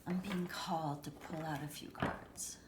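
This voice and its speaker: A woman's voice: sits low, fairly even intonation, unhurried, roomy sound, very noisy. A woman giving a casual tarot reading from home, chatty and reassuring, rambling with lots of fillers and restarts. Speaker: tarot reader.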